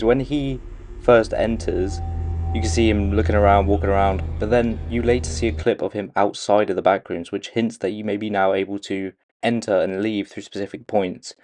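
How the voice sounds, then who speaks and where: Direction: hesitant man, fairly low voice. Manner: hesitant, many "um"s and restarts. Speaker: video creator analysing a movie trailer. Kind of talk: casual commentary.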